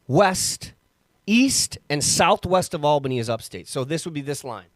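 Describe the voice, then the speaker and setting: A man's voice: on the high side, animated, normal speed, dry recording. A man co-hosting a podcast from upstate New York, joking casually and swearing as he talks. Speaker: podcast co-host. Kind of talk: casual chat.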